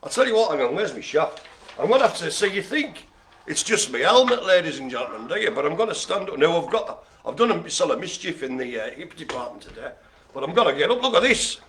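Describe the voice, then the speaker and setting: A man's voice: a little high, very animated, quick pace, a bit bright, slight background noise. A man hosting a live bingo game, joking and rambling in playful banter. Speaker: host.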